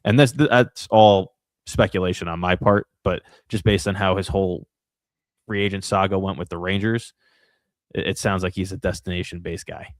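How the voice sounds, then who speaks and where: A man with a very low voice chats casually about sports on a podcast. He thinks aloud, weighs his ideas and often restarts his sentences. The sound is dry and close, with no room echo. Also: steady tone, moderate pace. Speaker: podcast co-host.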